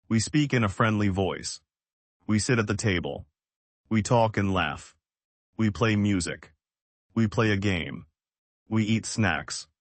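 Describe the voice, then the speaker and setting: A man reading a simple, scripted English lesson and asking learners to repeat after him, in plain, even sentences. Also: fairly low pitch, no room sound. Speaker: English teacher.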